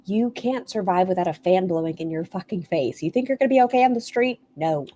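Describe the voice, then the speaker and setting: A woman hosting a commentary stream, chatting casually and throwing in sarcastic jabs. Her voice sits on the lower side for a woman. She sounds relaxed and conversational. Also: a little fast.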